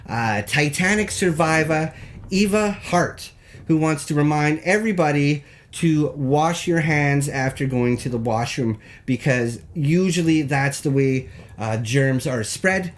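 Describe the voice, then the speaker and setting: Rambling deadpan man hosting a call-in show. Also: fairly high pitch, unhurried. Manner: rambling, deadpan, jokey, stumbles over words. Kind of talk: mock local news segment on a live stream.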